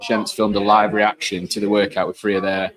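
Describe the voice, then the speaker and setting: A man's voice: on the low side, little pitch movement, a little fast, a crowd in the background. A man in a casual chat, easygoing and often calling his friend "mate".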